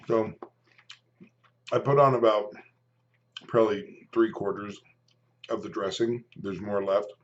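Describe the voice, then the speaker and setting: A man's voice: fairly low pitch, steady tone, unhurried, long pauses, lo-fi sound, slight background noise. A man in his fifties talking casually to camera while eating, chatty and rambling, stopping now and then to chew. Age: 50s. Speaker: food and fitness vlogger.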